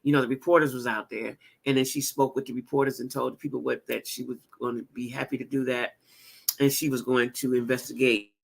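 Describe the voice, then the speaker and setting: A woman in her fifties telling a story in a casual vlog, animated and emphatic, laughing as she talks. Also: a bass voice. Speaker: vlogger.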